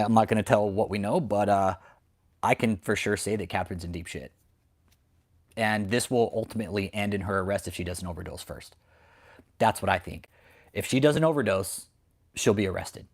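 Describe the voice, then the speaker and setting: A man's voice: fairly low pitch, darkish tone. An American man hosting a channel, delivering an angry, profane, confrontational rant that keeps repeating its points. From United States. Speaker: host of a channel exposing cult leaders. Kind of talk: angry ranting commentary. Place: home, with dogs barking nearby.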